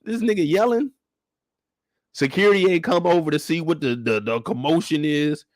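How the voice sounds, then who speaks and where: This relaxed, animated man walks through a show on a live stream, putting on exaggerated high voices for each character. He talks fairly quickly, captured at studio quality with no room sound.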